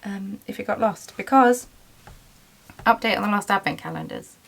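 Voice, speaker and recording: A woman's voice: medium pitch, moderate pace, gravelly. Chatty lady rambling through her day on a craft vlog, lots of ums. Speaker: small business owner and vlogger.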